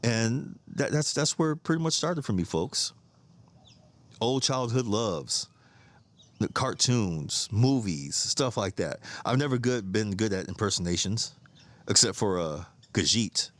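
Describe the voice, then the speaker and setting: A man's voice: fairly low pitch, expressive, a little slow, fairly bright tone. A middle-aged man hosting a podcast, telling stories in a rambling, casual way, repeating words, laughing often and swearing freely. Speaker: podcast host. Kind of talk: casual storytelling monologue.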